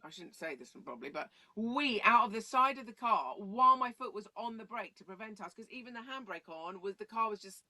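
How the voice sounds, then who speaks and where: Woman, bright voice, rambling storyteller, casual chat. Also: expressive, brisk, few pauses. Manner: rambling, goes off on tangents; acts out quoted voices in a much higher pitch. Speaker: guest.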